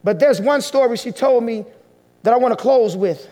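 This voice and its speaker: A male pastor delivers a heartfelt sermon story in a strikingly high voice. He slows down and pauses to let emotional moments settle. The sound rings with long reverb from a church hall. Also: mellow.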